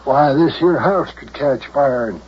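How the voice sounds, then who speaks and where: An actor playing a fussy, lovesick older country mayor in a children's radio drama, with folksy rural grammar and melodramatic complaints. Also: male voice, medium pitch, a little slow, close to an everyday voice. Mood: complaining. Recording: dull old radio recording, faint hiss.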